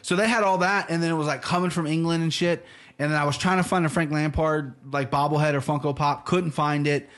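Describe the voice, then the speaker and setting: Dude hosting a podcast, laid back, cusses a lot, easy chat. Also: male voice, fairly high pitch, fairly even intonation, brisk, a bit bright. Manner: loose, swearing, playful. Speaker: podcast host. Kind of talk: casual chat.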